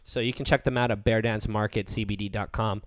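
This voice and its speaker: Low-voiced, profane man. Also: steady tone, fast talker, no echo. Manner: loose, profane storytelling. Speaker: podcast co-host. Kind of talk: casual podcast chat.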